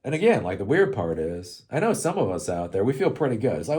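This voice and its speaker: A man's voice: on the low side, sing-song, fast, few pauses, mellow. A middle-aged man rants about politics in loose, rambling talk. He is sarcastic and swears a lot, and his voice rises and falls a great deal as he goes. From United States. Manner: profane, rambling, sarcastic, repeats "again" and "right?". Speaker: political commentary host. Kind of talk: casual political rant.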